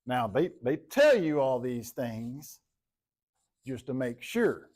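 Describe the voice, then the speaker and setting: A man's voice: medium pitch, sing-song, takes it slowly, a little mellow. Guy teaching math in a classroom, laid back, repeats stuff, calls on kids by name. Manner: casual, talks to students by name and repeats himself. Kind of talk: classroom lecture.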